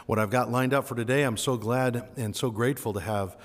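Brisk and mid-range, a man's voice leads a friendly, eager podcast interview, peppered with affirming interjections. The casual chat takes place indoors at a summer camp, and the sound carries a roomy echo and long reverb.

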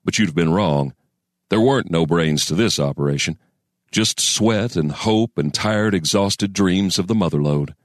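Low-voiced man telling a folksy tale. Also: no echo, clean studio sound. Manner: folksy storyteller cadence with deliberate pauses. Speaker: audiobook narrator. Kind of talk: scripted narration of a western story.

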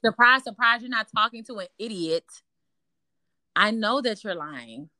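Emphatic bright-voiced woman telling stories. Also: a little high, moderate pace, no room sound. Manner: animated, emphatic, repeats phrases, mimics others in mocking voices. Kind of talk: casual chat storytelling.

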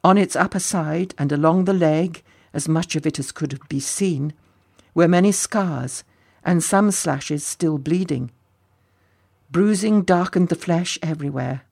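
A man reading a story aloud as narrator in a measured, expressive way. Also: a little high, gravelly.

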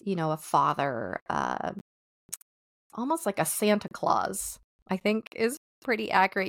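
Gravelly-voiced woman telling a story. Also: lowish voice, very animated, no room sound, studio quality. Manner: soft, reflective and confessional, with thoughtful pauses. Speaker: podcast host. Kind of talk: personal storytelling podcast.

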